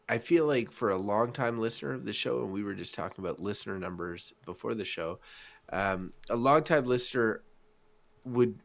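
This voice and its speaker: A man co-hosting a podcast in casual chat, deadpan and rambling. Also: mid-range voice. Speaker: podcast co-host.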